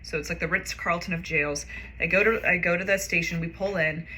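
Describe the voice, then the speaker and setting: A woman's voice: fairly low pitch, fairly even intonation, fairly quick, very noisy. A young woman, a comedian, telling a personal story in a casual, self-mocking way, acting out the dialogue with big jumps in her voice.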